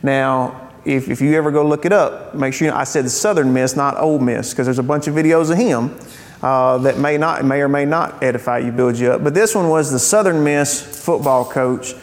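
A man's voice: mid-range voice, moderate pace. A man preaching a sermon as pastor, conversational and earnest, with frequent fillers. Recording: church hall with long reverb.

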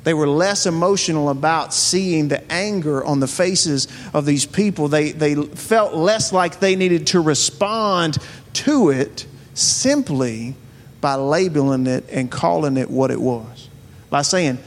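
High-voiced preacher in an echoing hall. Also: male voice, a little slow. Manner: earnest, asks many rhetorical questions. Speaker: pastor. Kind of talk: sermon.

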